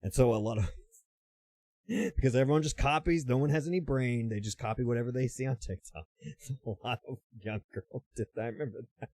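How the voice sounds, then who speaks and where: A man's voice: mid-range voice, brisk, darkish tone, no echo, clean studio sound. A man hosting a casual reaction video, teasing and chuckling at what he watches.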